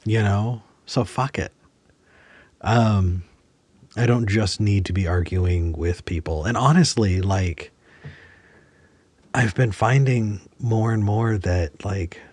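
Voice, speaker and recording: Low-voiced man hosting, dry sound. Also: a little mellow, breathy edge, no echo. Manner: reflective, searching for words with many restarts. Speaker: podcast host. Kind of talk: casual conversation.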